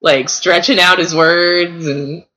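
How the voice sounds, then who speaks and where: A woman in her thirties co-hosting a casual movie chat, animated and full of fillers. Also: on the low side, slow, low-quality recording. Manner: animated, lots of fillers, acts out reactions. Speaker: podcast co-host.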